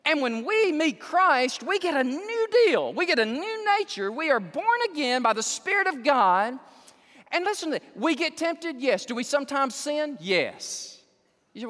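A man preaching a sermon, animated and exclaiming, joking with the congregation. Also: very high voice, normal speed. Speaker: pastor. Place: church sanctuary. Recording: long hall reverb.

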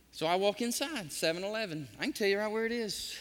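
Animated pastor in a hall. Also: male voice, sits high, quick pace, hardly any pauses. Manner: animated, acts out the voices in his stories. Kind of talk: storytelling sermon.

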